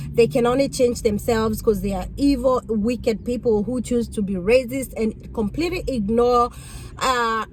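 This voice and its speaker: A woman's voice: a little hiss or hum, rough recording. A woman in her thirties from Kenya with a Kenyan accent, chatting casually to camera about her work as a rideshare driver. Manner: chatty, acts out passengers' questions in a higher voice.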